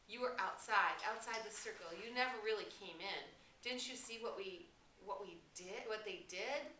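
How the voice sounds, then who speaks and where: A woman voicing a shaken, guilt-stricken boy leader who speaks low and stricken. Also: normal speed, pushed and bright, lightly acted. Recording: roomy room, distant mic, faint hiss.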